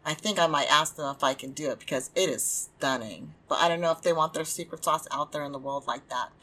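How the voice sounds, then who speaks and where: A woman's voice: low-pitched, a little fast, bright, forceful tone. A woman hosting a podcast, talking candidly and casually, venting with lots of fillers. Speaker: podcast host and small press publisher. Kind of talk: casual solo podcast talk.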